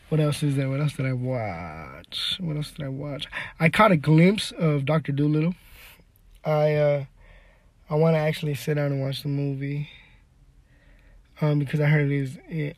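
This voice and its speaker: A man's voice: on the high side, darkish tone, dry recording. Tired young man rambling from his car. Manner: laid-back, slangy, rambling with fillers. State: tired and sleepy. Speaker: podcast host. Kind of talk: casual solo podcast chat. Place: inside a parked car.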